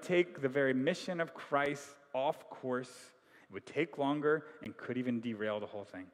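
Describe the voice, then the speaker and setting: A man's voice: medium pitch, normal speed, long reverb tail. A man preaching a sermon as pastor, in a casual, conversational way.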